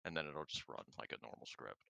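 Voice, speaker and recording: A young man with a very deep but sharp, bright-edged voice works through coding questions out loud. His sound is dry and close. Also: expressive, fast, vocal fry, no echo. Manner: puzzles over code aloud, reads out answers. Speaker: game developer. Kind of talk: casual chat while coding.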